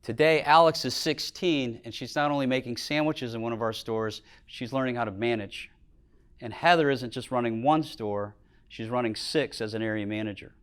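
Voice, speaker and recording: A middle-aged man from Minnesota giving a talk as a business owner, telling earnest stories in a motivational speech, his voice dropping low and quiet at emotional moments. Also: moderate pace, clear, resonant tone. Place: lecture hall with audience.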